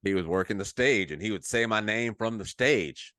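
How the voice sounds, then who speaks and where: A middle-aged man with a very deep voice co-hosts a casual podcast. He tells his stories in a laid-back, halting way. The sound is dry and close to the mic. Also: bright, forceful tone, no room sound. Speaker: podcast co-host. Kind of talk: casual chat.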